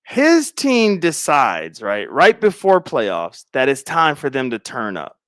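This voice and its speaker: A man's voice: medium pitch, huge pitch swings, takes it slowly, fairly bright tone, dry recording, clean studio sound. A middle-aged man chatting casually on a livestream, telling a story dramatically with slangy asides and frequent laughter. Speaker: livestreaming content creator.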